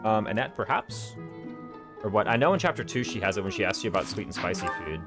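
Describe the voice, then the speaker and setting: Fast-talking streamer with a Southern drawl. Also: male voice, on the low side, very animated. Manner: rambling, thinking aloud, drops consonants. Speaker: streamer playing a strategy game. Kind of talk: casual gameplay commentary. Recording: game music playing underneath. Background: game music.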